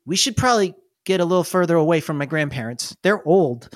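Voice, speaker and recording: A man's voice: fairly high pitch, lively intonation, quick pace, dry recording, studio quality, lightly acted. Tabletop game figure: a nervous stubborn young boy, blunt and mumbling, played by a man. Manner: blunt, pleading, mumbles to himself.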